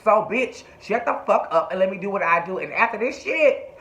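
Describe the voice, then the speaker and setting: A man's voice: high voice, lively intonation, normal speed, a bit bright, pitched above the performer's own voice. A man voicing an angry, foul-mouthed small-town mayor who scolds and curses. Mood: furious. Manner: cursing, scolding. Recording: echoey room, dull lo-fi sound.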